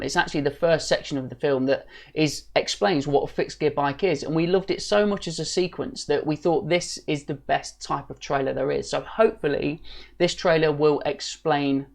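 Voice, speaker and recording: Male streamer, enthusiastic, rambling, casual storytelling. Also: fairly high pitch. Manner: enthusiastic, rambling, with many restarts. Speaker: livestream host.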